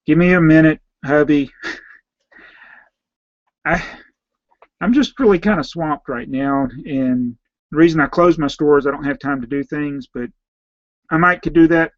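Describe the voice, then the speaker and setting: A man's voice: fairly high pitch, normal speed, dry recording, muffled recording. Southern man rambling through viewer questions. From Southern United States. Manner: reads out viewer names and questions, then answers in a rambling, offhand way. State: slightly hoarse. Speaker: YouTube host answering viewer questions. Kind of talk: casual live Q&A.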